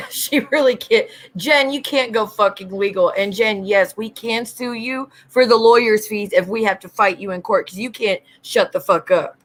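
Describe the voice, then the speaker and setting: A woman's voice: medium pitch, moderate pace. A woman hosting a casual livestream, greeting viewers by name and ranting bluntly with lots of swearing. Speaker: livestream host.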